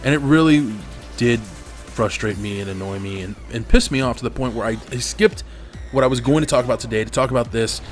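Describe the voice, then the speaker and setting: A man's voice: mid-range voice, fairly quick, faint music behind. A man venting with lots of swearing while commenting over his gameplay. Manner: profane, venting, angry. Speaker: gaming commentator.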